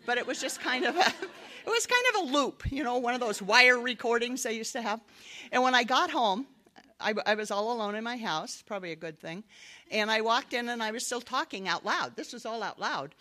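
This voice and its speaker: Fairly quick and lively, this middle-aged woman's voice sits on the high side, sounding pushed and bright. She is delivering a devotional talk, earnestly recounting her own testimony like a sermon and laughing lightly now and then.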